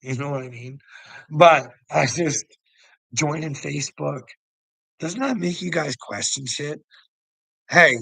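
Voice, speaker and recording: A man's voice: fairly high pitch, slow pace, creaky, long pauses, bright, forceful tone, husky, dry recording, low-quality recording. A man hosting a casual livestream, ranting profanely and rambling, laughing often as he talks. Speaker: livestream host.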